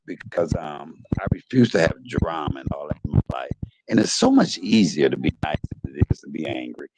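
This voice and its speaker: A man's voice: very deep voice, vocal fry. A middle-aged man hosting a live stream, speaking in an earnest and repetitive way, often cutting in to ask someone to hold up. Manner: earnest, repeats himself, cuts in with "hold up". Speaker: livestream host. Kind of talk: casual live-stream chat. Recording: noisy online stream audio.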